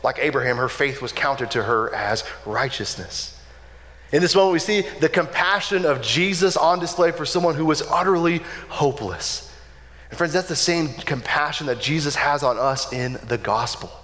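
A man preaching a sermon in a relaxed, conversational way, often checking in with "right?". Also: on the high side, normal speed. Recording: long hall reverb.

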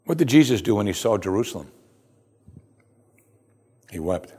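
A male pastor delivers a sermon in a fairly low voice. He is earnest and emphatic, leaning into key words and often letting his phrases fall to a hush. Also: lively intonation, a little slow, long pauses, breathy edge. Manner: earnest, emphatic, often dropping to a hushed close.

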